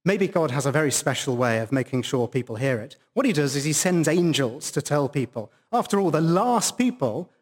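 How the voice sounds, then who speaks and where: A male preacher delivers a sermon at a church service, leaning hard on single words to drive them home. His voice sits a little high for a man and swings widely in pitch as he presses each point. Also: very animated, a little fast, few pauses. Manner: emphatic, stressing single words.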